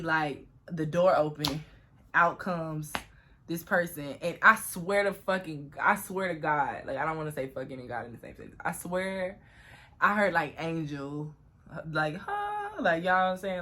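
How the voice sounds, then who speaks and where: A woman's voice: low voice, a little slow, pushed and bright. A young woman telling a personal story to camera in a chatty, profane way, often addressing viewers as y'all. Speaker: vlogger.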